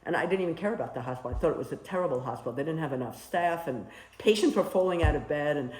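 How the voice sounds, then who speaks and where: Woman, lowish voice with wide swings, animated storyteller in a roomy space. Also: rapid-fire. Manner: animated, acts out quoted dialogue. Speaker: storyteller recalling nursing work abroad. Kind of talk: casual storytelling interview. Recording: roomy with faint ambience.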